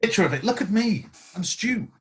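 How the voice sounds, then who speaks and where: Animated man telling stories. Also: high voice, fairly quick. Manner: animated storyteller acting out quotes. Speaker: guest guitarist. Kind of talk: casual podcast chat.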